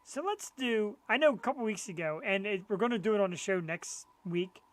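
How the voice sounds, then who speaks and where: A man's voice: sits high, animated, brisk, a bit bright. A middle-aged man co-hosting a live web show, chatting enthusiastically about his collectibles. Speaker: co-host. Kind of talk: casual live-show chat.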